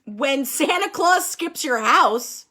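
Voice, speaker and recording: A woman facilitating a group discussion over a video call, upbeat and encouraging, quick to laugh. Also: high voice, animated, pushed and bright.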